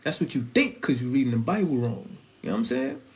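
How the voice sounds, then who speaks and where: Speaking fast at medium pitch, a young man preaches about faith and relationships, with a little hiss or hum on the recording. The Christian vlogger stays animated, conversational and slangy, constantly asking "you feel me?"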